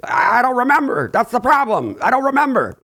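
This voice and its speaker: A man's voice: extremely high pitch, very animated, fairly quick, pushed and bright, pitched above the performer's own voice, heavily acted. A man voicing a frail, panicky old grandmother in an improvised audio drama, rambling and fretful.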